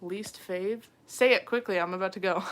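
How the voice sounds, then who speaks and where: Speaking at normal speed in a medium-pitched, fairly bright voice, a young woman hosts a casual late-night YouTube livestream from her phone and reads out comments. She's a little tired and drifts easily between topics. Chatty and prone to giggling, she uses "um" and "like" constantly.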